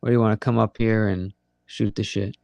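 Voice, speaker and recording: A man's voice: lowish voice, little pitch movement, a little fast, gravelly, darkish tone, no echo. Profane, rambling late-night chat host man. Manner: teasing, talks straight to his listeners. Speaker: host of a live audio chat room.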